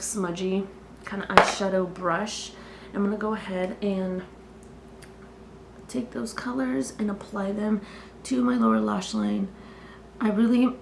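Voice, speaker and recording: A young woman with a cold, chatting casually and rambling as she does her makeup on camera. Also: medium pitch. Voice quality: chatty, rambling, filler-heavy. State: sick, slightly congested. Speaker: beauty vlogger. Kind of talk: casual get-ready-with-me chat. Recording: echoey room with faint noise.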